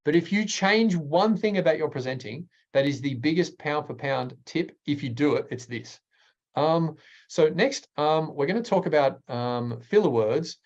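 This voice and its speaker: A man, a speaking coach presenting a workshop in an energetic, emphatic way with deliberate pauses. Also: highs cut off. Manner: energetic, emphatic, varies pitch widely.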